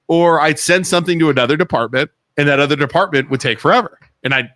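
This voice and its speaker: A man co-hosting a casual talk show, telling blunt, animated stories and acting out what others said. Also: on the high side, quick pace, no room sound, clean studio sound. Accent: Ohio. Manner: blunt, animated storytelling, acts out quotes. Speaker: co-host, mortgage broker. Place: small studio.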